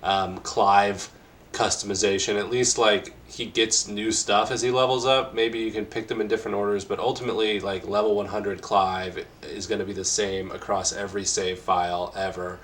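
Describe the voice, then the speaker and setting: A man's voice: lowish voice, little pitch movement, normal speed, a bit bright, a little hiss or hum. A man co-hosting a casual game discussion, rambling and hesitant, with many fillers and restarts. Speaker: podcast co-host. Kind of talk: casual conversation about games.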